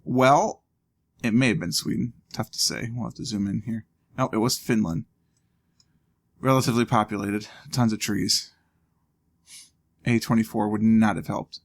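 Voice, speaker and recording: A man with a gravelly, creaky voice talks through a video game in a loose, casual way. He thinks out loud and throws in dry little jokes as he goes. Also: fairly low pitch, fairly even intonation, moderate pace, long pauses. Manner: thinking aloud, wry asides. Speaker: let's play host. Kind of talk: casual gameplay commentary.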